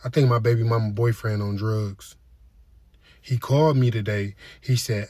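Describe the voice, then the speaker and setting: A man telling comic stories in a deadpan, casual slang delivery. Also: fairly low pitch, moderate pace, no room sound. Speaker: comedian. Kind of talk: comedic storytelling skit.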